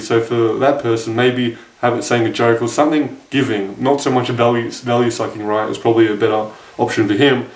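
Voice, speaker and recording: A man's voice: mid-range voice, recorded from a distance. A young man casually telling a dating story to camera, rambling with frequent restarts and self-corrections. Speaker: dating advice vlogger. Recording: echoey room, voice off-mic.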